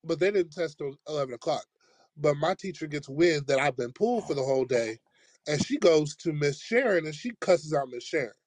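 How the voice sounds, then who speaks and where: Animated storytelling man, dry close sound. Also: fairly high pitch, brisk, no room sound. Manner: animated storyteller acting out quoted voices. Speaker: podcast host, teacher. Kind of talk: casual storytelling chat.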